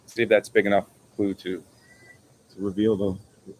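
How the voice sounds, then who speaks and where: A man hosting a casual live stream from an outdoor coastal restaurant, chatting with viewers in a relaxed, rambling way. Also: lowish voice, moderate pace, a little hiss or hum, rough recording. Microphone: phone camera.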